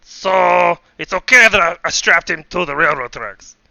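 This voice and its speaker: A man voicing a menacing male villain heard over a radio, with a put-on Russian accent and theatrical pauses. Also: high voice, expressive, gravelly, sharp tone, no room sound, lo-fi sound, pitched above the performer's own voice, full character voice. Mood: taunting.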